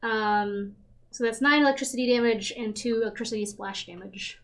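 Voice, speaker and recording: A woman's voice: a little high, moderate pace, fairly bright tone. A woman playing in a tabletop game, playful and giggly, with self-mocking asides. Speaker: player. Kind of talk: casual tabletop play.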